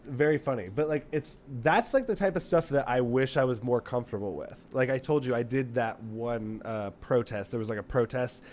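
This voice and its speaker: A man's voice: mid-range voice, a little fast, hardly any pauses, a little mellow, a little hiss or hum. A man who is a podcast guest and sketch comedian, telling stories in casual chat, rambling with lots of fillers and frequent laughs.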